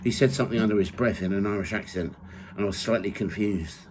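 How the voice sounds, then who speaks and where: A man reading from his own memoir in the first person, measured and steady. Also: on the low side, noisy background. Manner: measured reading, rising loud for quoted shouts.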